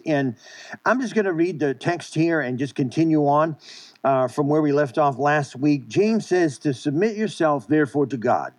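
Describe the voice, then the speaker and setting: An earnest male pastor delivering a sermon and a prayer. His voice sits a little high for a man. He often restarts and repeats words as he talks.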